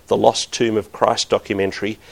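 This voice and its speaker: A man's voice: on the low side, flat delivery, brisk, vocal fry. A middle-aged man preaching a sermon, earnest and building to emphatic bursts.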